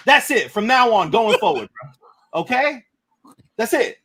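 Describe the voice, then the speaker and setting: A man hosts a live stream and rants in heated, casual talk. His voice sits a little high and swings widely in pitch, and he curses freely, breaking into sudden shouts. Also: unhurried, slight background noise. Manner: loud, profane, animated with sudden shouts.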